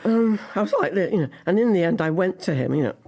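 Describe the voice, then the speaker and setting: A woman's voice: lowish voice, expressive, fast, dark tone, faint music behind. A woman in her seventies from Liverpool, a guest actress telling anecdotes in an interview and acting out her own past thoughts as she goes. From Liverpool, England. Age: 70s.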